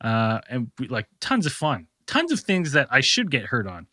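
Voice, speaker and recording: A man's voice: mid-range voice, wildly swooping pitch, normal speed, sharp tone, dry recording, clean studio sound. A man co-hosting a podcast, telling a rambling, profane anecdote with frequent laughs in casual chat. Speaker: podcast co-host.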